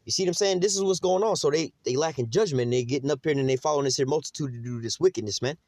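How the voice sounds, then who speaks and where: A man's voice: medium pitch, rapid-fire, darkish tone, no echo. A man teaching a casual Bible lesson in a conversational, emphatic way, full of fillers.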